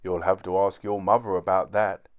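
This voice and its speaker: A man's voice: low-pitched, little pitch movement, moderate pace, narrow, tinny audio, close to an everyday voice. A man voicing a kindly, easygoing father in a storybook reading, friendly and encouraging.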